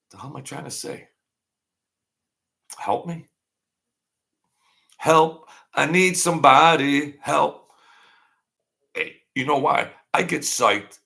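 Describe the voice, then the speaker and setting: A man's voice: fairly low pitch, gravelly, bright, forceful tone. A man in his sixties hosting a livestream, chatting in a rambling, sentimental and jokey way. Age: 60s. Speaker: livestream host. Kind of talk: rambling casual livestream chat.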